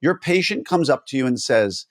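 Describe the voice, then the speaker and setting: A man's voice: mid-range voice, expressive, normal speed, no echo, studio quality. A man hosting a podcast interview, explaining at length and posing skeptical questions in a playful way. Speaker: podcast host.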